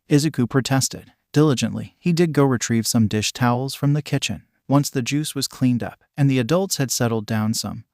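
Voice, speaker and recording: A man reading fanfiction aloud in an even, flat scripted narration. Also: medium pitch, normal speed, hardly any pauses, no echo, clean studio sound.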